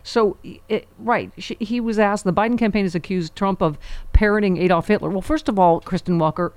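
A woman hosts a political talk show in an animated, sarcastic way, tossing in quick asides as she goes. Her voice sits mid-range and sounds dry and close to the mic. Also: mid-range voice, no echo.

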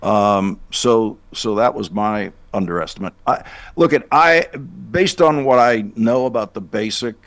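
A man's voice: lowish voice, unhurried, a bit bright, dry recording. A man from Boston, a guest news anchor, talking in a casual radio interview and rambling with many restarts and fillers.

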